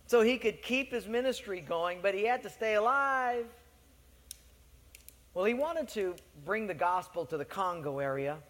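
A male preacher with a high-pitched voice delivers a sermon as a lively story. He slips into the voices of the people in it, and his words carry through a church hall with a long, trailing echo. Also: normal speed. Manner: animated storytelling, acting out voices.

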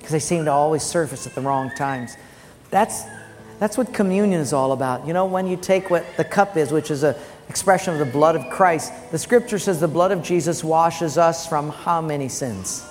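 A man preaching as a pastor, telling personal stories in an animated way and loudly acting out the voices in them. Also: on the high side, moderate pace. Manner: animated storytelling with loud acted quotes. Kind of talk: sermon. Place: church sanctuary. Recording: long church-hall reverb, faint music.

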